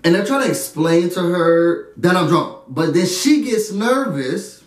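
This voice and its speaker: A young man telling a story in an animated way, often laughing and acting out his friends. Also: sits high, measured pace. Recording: echoey room, a bit far from the mic.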